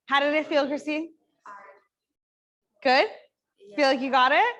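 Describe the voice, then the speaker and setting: A woman's voice: high-pitched, steady tone, moderate pace, long pauses, fairly bright tone, muffled recording. A woman physical therapist leading a group exercise workshop in a fitness studio, giving chatty coaching cues. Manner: upbeat, chatty coaching cues with frequent "like" and "right?".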